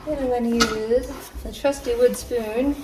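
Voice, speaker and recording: A woman's voice: fairly high pitch, steady tone, measured pace, background noise. Chatty woman cooking in her kitchen. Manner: chatty, explains as she goes. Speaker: home cook demonstrating a recipe. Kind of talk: casual cooking tutorial. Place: home kitchen.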